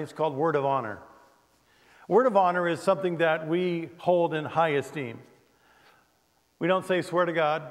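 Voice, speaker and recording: Older male pastor, fairly high voice, lively sermon with jokes, long hall reverb. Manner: animated preaching with humorous asides. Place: church sanctuary.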